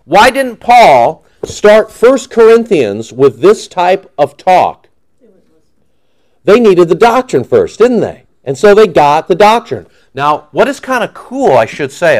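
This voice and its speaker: Man, preacher, animated sermon, jokey, fairly high voice. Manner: animated, joking, acts out quoted voices. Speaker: pastor.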